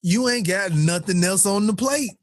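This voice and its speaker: A man co-hosting a casual podcast, telling stories with lots of laughter and acted-out quotes. His voice sits a bit high for a man. The sound is dry and close. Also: normal speed, no echo. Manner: animated storytelling, laughs often, acts out quotes. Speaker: podcast co-host. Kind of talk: casual chat.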